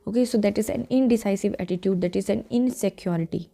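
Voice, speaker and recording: Mellow-voiced Indian English woman teaching. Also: medium pitch, fast talker, creaky. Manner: steady explaining with frequent "okay" and "right" checks. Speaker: exam-prep teacher. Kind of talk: explanatory lecture.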